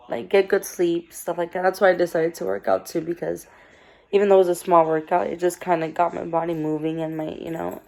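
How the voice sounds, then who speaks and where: Low, gravelly young woman vlogging. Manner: rambling, halting, with many fillers; tearful, subdued and soft. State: stuffy-nosed after crying. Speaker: daily vlogger. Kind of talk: personal confessional vlog.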